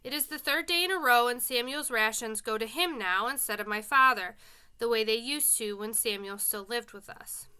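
A woman's voice: a little high, moderate pace, sharp tone, clear, resonant tone. A woman reading a children's novel aloud as an audiobook, with friendly, casual asides to her listeners. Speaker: reader.

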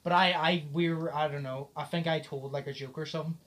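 With a fairly high-pitched voice and a fairly quick pace, this young male podcast host retells a story in an animated, casual way. He performs the dialogue himself, swearing and laughing as he goes.

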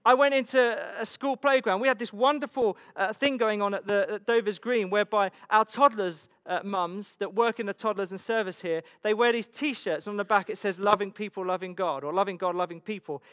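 An English pastor preaches in a church hall with long hall reverb, his high, a bit bright voice running fairly quick with hardly any pauses. The sermon is emphatic and repetitive, full of rhetorical questions.

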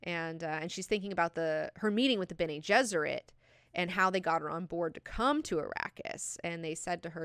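A woman hosting a book club, talking casually and excitedly with lots of swearing and fillers. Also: fairly low pitch, a little fast, clean tone, dry recording, clean studio sound.

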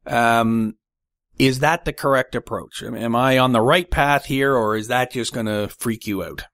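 A man's voice: mid-range voice, unhurried, fairly bright tone, no room sound, studio quality. A man hosting a podcast interview, chatty and rambling, with playful hypothetical questions. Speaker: podcast host. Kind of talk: conversational interview.

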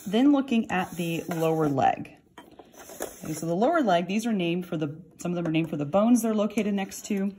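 A woman's voice: on the low side, a little mellow, a little hiss or hum. A middle-aged woman anatomy instructor giving a recorded lab lesson, explaining patiently while turning a model.

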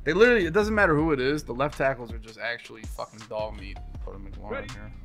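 A man's voice: mid-range voice, quick pace. A man commentating his own gameplay, swearing and ranting as he plays. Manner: profane, ranting, talks to himself. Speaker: gaming streamer. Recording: music playing behind. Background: game music.

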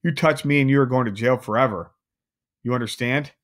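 A man's voice: medium pitch, a little fast, lightly acted. A man voicing a boorish, bullying middle-aged stepfather who growls and sneers in a raised voice. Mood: sneering.

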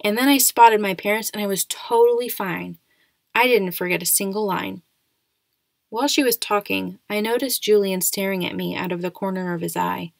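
A woman reading a novel aloud in a steady, quiet first-person narration, close to the mic. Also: medium pitch, moderate pace, gravelly, no room sound. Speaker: audiobook reader.

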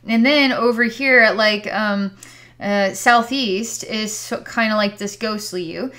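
A woman's voice: medium pitch, measured pace, sharp tone. Hesitant woman describing psychic visions. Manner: hesitant, searching for words, with sighs. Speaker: psychic healer. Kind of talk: describing visions in a distance healing session.

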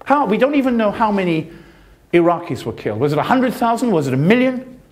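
A man's voice: sing-song, quick pace. An older man with a British accent giving an impassioned, sardonic lecture as a journalist in a university hall. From Britain. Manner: impassioned, sardonic, pitch swings widely when stressing points. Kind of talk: passionate public lecture.

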